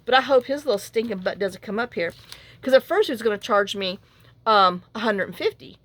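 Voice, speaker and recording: A woman, talking in a casual, rambling way while she works on a craft project at home. She tells a story frankly, with sighs and asides. Her voice sits at an ordinary middle pitch. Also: animated, brisk, fairly bright tone, dry recording. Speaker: crafting vlogger.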